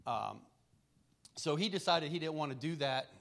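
A middle-aged man preaching a relaxed, conversational sermon, telling family stories with chuckles and frequent restarts. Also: on the high side, normal speed, creaky.

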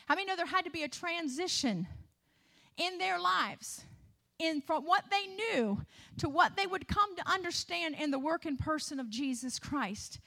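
A woman's voice: very high-pitched, lively intonation, normal speed, gravelly, bright, forceful tone. A woman preacher delivering a sermon. She calls out "hallelujah" and asks the congregation rhetorical questions.

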